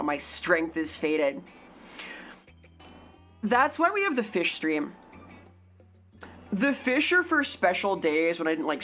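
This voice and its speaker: A woman's voice: on the low side, a bit bright. A woman streaming live in a casual, silly way, swearing freely, her throat strained from too little sleep.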